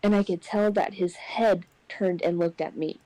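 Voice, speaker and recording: A young woman casually telling a personal ghost story on a podcast, getting animated when she acts out what people said. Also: lowish voice, moderate pace, no echo, rough recording. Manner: animated, acts out quotes in raised voice. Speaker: podcast co-host.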